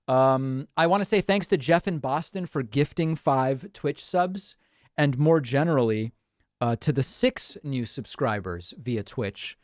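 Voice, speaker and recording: A man's voice: medium pitch, no echo. A man hosting a livestream, casually commenting and reading viewer chat aloud with wry, dry humor. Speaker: livestream host.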